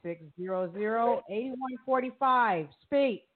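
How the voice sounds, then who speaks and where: A woman hosting a call-in radio show, reading out callers' numbers briskly. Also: fairly high pitch. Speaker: radio host. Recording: thin phone line.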